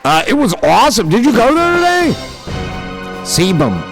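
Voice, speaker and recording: A man's voice: very high-pitched, very animated, quick pace, vocal fry, over music. A man hosting a livestream, casually reading viewer comments aloud and riffing on them with profane jokes. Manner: joking and profane, riffing on chat messages. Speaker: livestream host.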